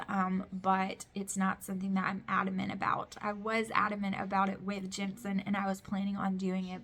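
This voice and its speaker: A woman's voice: medium pitch, fairly bright tone. Chatty woman in her thirties vlogging. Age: 30s. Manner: chatty and candid, many fillers and restarts. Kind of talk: casual pregnancy update vlog. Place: home with kids heard in the background.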